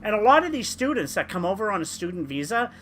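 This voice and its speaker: Ranting podcast guest, keeps restarting, very bright voice. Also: mid-range voice, sing-song, fast, slight background noise. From Canada. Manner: ranting, emphatic, stumbling restarts. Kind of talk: casual podcast chat.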